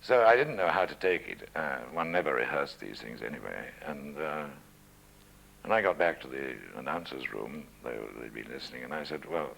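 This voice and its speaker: An older man with a very deep, gravelly voice looks back on his broadcasting days in a dry, self-mocking way. His pitch moves a great deal as he tells his stories. A faint hum sits under the recording. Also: expressive, a bit bright, low-quality recording. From Scotland, raised in England. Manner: measured, wry, self-deprecating. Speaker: interviewee, former radio newsreader. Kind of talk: reminiscing interview. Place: at home.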